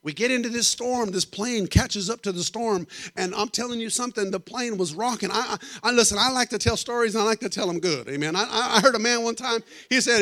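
A middle-aged man preaching a sermon, telling animated stories and joking with the congregation. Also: high voice, fairly quick, few pauses, dry recording. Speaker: guest preacher. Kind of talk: storytelling sermon.

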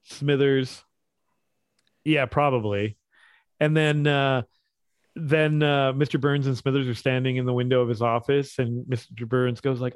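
A man's voice: mid-range voice, measured pace, smooth, no echo. Man, co-host, rambling casual chat, quotes scenes, dry close sound. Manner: rambling, animated, quoting scenes. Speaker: podcast co-host.

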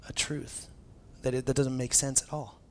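A man preaching a conversational sermon as a pastor, casual and animated, often restarting phrases and dropping in filler words. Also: medium pitch, normal speed, a little hiss or hum.

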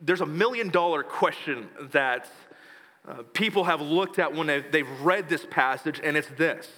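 A male pastor preaching a sermon, retelling scripture scenes in a hushed storytelling voice. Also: on the high side, moderate pace. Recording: long hall reverb.

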